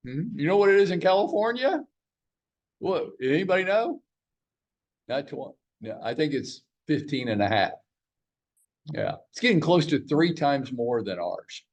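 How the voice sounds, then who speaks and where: Teasing man leading a sales huddle. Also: on the high side. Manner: teasing, joking, fires rhetorical questions at the room. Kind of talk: live training talk to a room.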